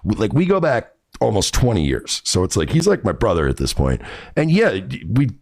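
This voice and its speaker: Animated, profane male talk host. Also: lowish voice, a little fast. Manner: animated, profane, acts out quotes. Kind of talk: casual chat.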